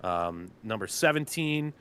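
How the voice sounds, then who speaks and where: A man's voice: lowish voice, animated, a little slow, a bit bright, clear, resonant tone. A man, a team general manager, casually announcing draft picks with a chatty, loose manner and lots of filler words. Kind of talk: casual live draft commentary.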